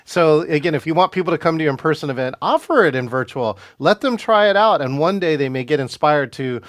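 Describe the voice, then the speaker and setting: Podcast host, male, energetic and upbeat, slightly high voice, dry close sound. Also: fairly quick, no room sound. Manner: energetic, upbeat, with frequent fillers and restarts. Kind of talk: animated podcast interview hosting.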